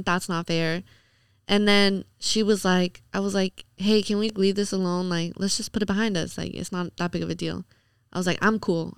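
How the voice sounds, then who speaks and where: A woman's voice: on the low side, smooth, no room sound, clean studio sound. A young woman on a podcast, casually retelling a night out in a chatty way, acting out quoted lines and filling her talk with "like". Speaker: podcast guest. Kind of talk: casual storytelling.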